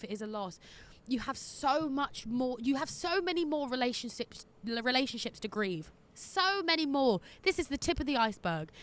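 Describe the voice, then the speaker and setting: A woman hosting an advice podcast in casual chat, candid and quick to laugh. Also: fairly high pitch, a bit bright. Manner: chatty and candid, laughs easily. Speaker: podcast host giving listener advice.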